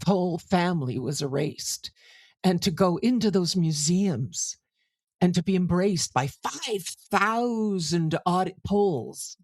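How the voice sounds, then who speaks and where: Older female guest, low-ish voice, animated raconteur. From France, raised in Canada. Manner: animated storyteller, drops into quoted voices. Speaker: guest, singer and actor. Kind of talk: conversational interview storytelling.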